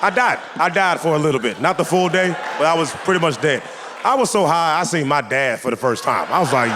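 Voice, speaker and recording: A young man performing stand-up comedy before a live audience, his voice sitting a little high and swinging widely as he acts out the people in his stories. The live stage recording carries a faint bed of room noise. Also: animated, moderate pace.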